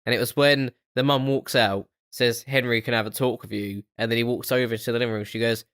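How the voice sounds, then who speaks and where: A man's voice: medium pitch, steady tone, brisk, a bit bright, no echo. Sweary blunt guy ranting about a film, mid voice, dry mic. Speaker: podcast co-host. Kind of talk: casual film review chat.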